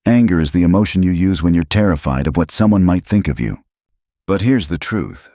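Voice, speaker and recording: Very deep-voiced male self-help narrator. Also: darkish tone, no echo, studio quality. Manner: dramatic, with short punchy phrases and pauses. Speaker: audiobook narrator.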